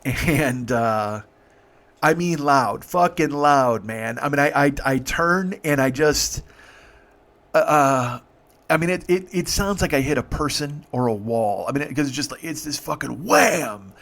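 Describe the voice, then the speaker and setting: A comedian in his fifties telling a story as a monologue. He swears freely and rambles, often restarting his sentences. His voice sits at an ordinary middle pitch. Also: expressive, measured pace, vocal fry, a bit bright. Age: 50s. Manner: rambling, profane, many restarts. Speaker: comedian host.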